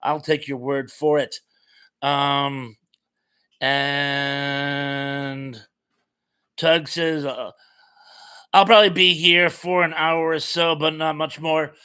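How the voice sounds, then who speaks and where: A man's voice: fairly high pitch, fairly even intonation, slow pace, pauses often, bright, forceful tone, clear, resonant tone. A middle-aged man from Massachusetts hosting a casual live chat, reading viewers' comments aloud and adding jokey asides. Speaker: livestream host.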